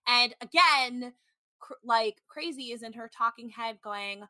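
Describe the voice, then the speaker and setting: A woman with a fairly high, bright, forceful voice hosts a casual podcast, recapping a reality show in an unhurried, chatty way. She says "like" constantly and mimics people when quoting them, and there's no echo.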